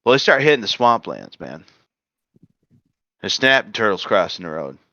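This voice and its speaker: Animated bright-voiced man telling a joke. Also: lowish voice, moderate pace, no echo. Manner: animated storyteller, stammering restarts. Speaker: podcast co-host. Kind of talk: casual podcast chat, telling a joke. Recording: dull lo-fi dry podcast audio.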